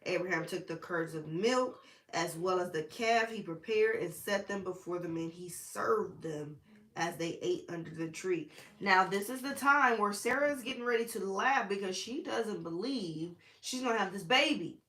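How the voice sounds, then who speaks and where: A woman's voice: medium pitch, normal speed, a bit bright. Chatty woman teaching Bible, echoey room. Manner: chatty and informal, with slang and asides. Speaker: Bible study host.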